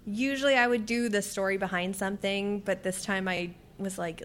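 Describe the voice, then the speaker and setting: Animated woman telling stories with laughs. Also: mid-range voice, moderate pace, hardly any pauses, slight background noise. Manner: animated storytelling, acting out her own dialogue with frequent laughs. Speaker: author and podcaster, guest. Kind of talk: conversational interview.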